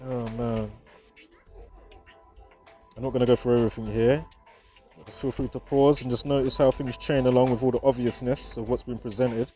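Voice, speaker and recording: A man's voice: mid-range voice, fairly even intonation, moderate pace, long pauses, dark tone, faint music behind. A man vlogging outdoors in a park, in casual commentary to viewers, chuckling often and chatty, with frequent restarts.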